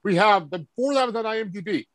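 A man's voice: high voice, lively intonation, quick pace, fairly bright tone, dry recording. A man hosting a podcast, chatting enthusiastically and laughing often. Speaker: podcast host. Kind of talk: casual chat.

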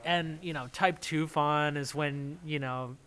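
A guest on a podcast talks through an idea in an easygoing, animated way. His voice is a little high and sharply bright. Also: measured pace. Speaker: guest cycle tourist. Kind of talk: casual explanation.

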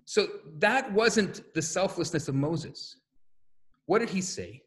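A male rabbi giving a storytelling lecture, animated and acting out the voices in his stories. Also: high-pitched, takes it slowly. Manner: animated, acts out quotes, repeats words when restarting.

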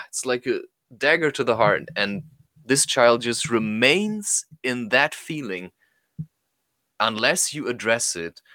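A man's voice: medium pitch, fairly bright tone, no room sound. A man sharing a personal story in casual conversation, earnest and wandering in his phrasing.

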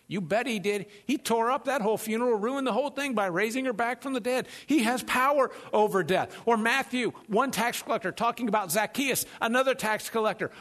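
A man preaching a sermon as pastor, animated and conversational, joking and acting out the voices of people in his stories. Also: high voice, fairly quick, hardly any pauses. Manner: animated, conversational, jokes and acts out quotes.

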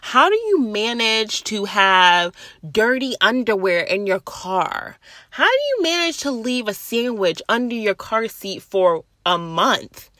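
A woman's voice: medium pitch, very animated, takes it slowly, sharp tone, dry recording. Blunt, foul-mouthed young woman ranting. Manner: blunt, profane, chatty rants; laughs at herself mid-sentence. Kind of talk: casual talk to camera.

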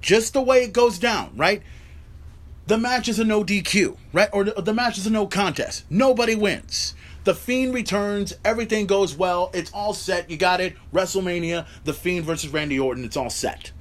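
A man's voice: high voice, moderate pace. A man hosting a podcast, recapping a wrestling show in an incredulous, profanity-heavy rant full of rhetorical asides. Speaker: podcast host.

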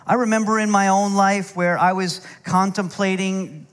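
Middle-aged pastor, joking storyteller sermon, lightly raised pitch, reverberant hall. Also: male voice, fairly even intonation, moderate pace, fairly bright tone. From United States. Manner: storytelling with humor and asides.

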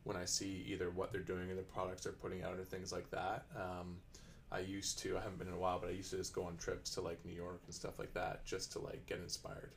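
A man's voice: deep voice, completely flat delivery, fast, slight background noise. A man from Canada, a business owner chatting as a guest in a laid-back, rambling way with many fillers. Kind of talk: casual podcast chat.

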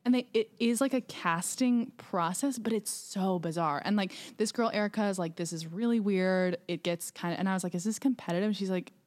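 A woman's voice: medium pitch, a little fast, hardly any pauses, a little mellow. A young woman co-hosting a podcast, telling a story in casual chat with lots of fillers and restarts. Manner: chatty storytelling with many fillers. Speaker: podcast co-host.

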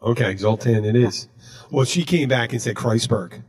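A man hosting a podcast, telling a story in a casual, deadpan way. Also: mid-range voice, moderate pace, a little hiss or hum. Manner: deadpan, recounting jokes he told. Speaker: podcast host.

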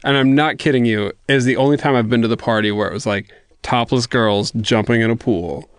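Brief: young adult man, podcast guest, animated storyteller with casual swearing, mid-pitched, close dry mic. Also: fairly quick, smooth, no room sound.

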